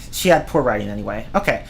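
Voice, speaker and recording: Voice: mid-range voice, a little hiss or hum. A streamer ranting casually about movies, rambling and swearing, often breaking into laughter. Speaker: streamer reviewing films. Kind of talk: casual rant.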